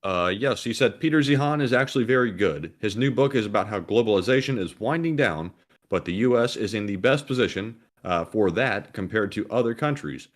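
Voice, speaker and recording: A man's voice: on the low side, lively intonation, a little fast. A man co-hosting a livestream, reading donations and viewer messages aloud in a plain, announcer-like way. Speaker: co-host reading super chats. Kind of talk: casual livestream chat.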